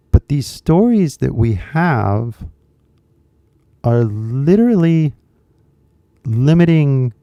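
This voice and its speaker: A man's voice: mid-range voice, gravelly, mellow, no room sound. An American man, an English teacher, talking casually on a live stream and rambling with lots of "you know" and "like" fillers. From United States.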